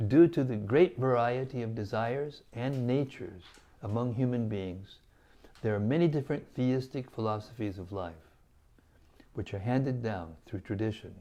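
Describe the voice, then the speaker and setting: Man, scripture reader, mellow voice, deliberate measured reading, mid pitch. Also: dull audio. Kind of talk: reading scripture aloud to listeners.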